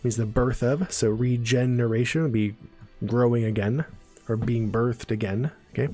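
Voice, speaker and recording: A man's voice: medium pitch, steady tone, normal speed, a little mellow, soft background music. A man giving a casual live-stream neuroscience lesson, explaining terms and checking in with viewers as he goes. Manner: chatty, explains terms with frequent "right?" and "okay?" check-ins.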